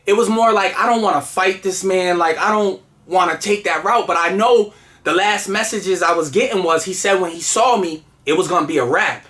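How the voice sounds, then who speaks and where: A man's voice: high voice, moderate pace, a bit bright. A man telling a personal story in casual, earnest conversation, with lots of fillers and restarts. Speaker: guest telling his story.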